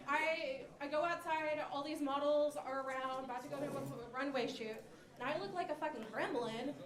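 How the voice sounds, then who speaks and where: A woman's voice: sits high, fairly bright tone. A young woman performing a stand-up comedy set, telling self-deprecating stories with many fillers. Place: comedy club stage. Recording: roomy club sound with audience laughter.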